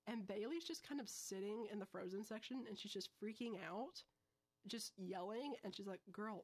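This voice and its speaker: A young woman hosts a casual podcast, telling a film's plot in a breezy, quick way. She tosses in slangy asides as she goes. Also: medium pitch. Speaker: podcast host. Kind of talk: casual film review chat.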